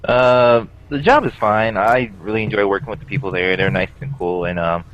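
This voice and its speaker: A man's voice: lowish voice, moderate pace, highs cut off. A young man co-hosting a podcast over a video call, rambling casually with lots of fillers. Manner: rambling, many fillers and likes. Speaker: podcast co-host. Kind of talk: casual chat.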